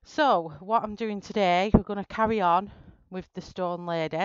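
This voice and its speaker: A woman's voice: medium pitch, normal speed, smooth, dry recording, highs cut off. A woman hosting a live stream, chatting casually, greeting viewers by name and explaining her plan step by step. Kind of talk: casual live-stream chat while colouring.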